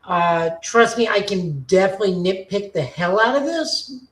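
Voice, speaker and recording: A woman's voice: mid-range voice, lively intonation, normal speed. A woman co-hosting a casual podcast chat, giving an opinionated, nitpicky review. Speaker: podcast co-host. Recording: roomy echoing recording.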